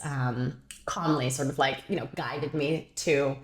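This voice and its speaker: A woman's voice: very deep voice, a little slow. Chatty woman telling a story, echoey room. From Canada. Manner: animated, laughs often, many fillers. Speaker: guest, company founder. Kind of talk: casual storytelling interview.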